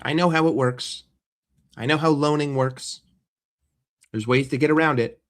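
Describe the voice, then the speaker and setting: A man's voice: fairly high pitch, moderate pace. A man ranting as a football fan vlogger, blunt and sarcastic, with swearing and repeated phrases. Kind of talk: casual fan rant to camera.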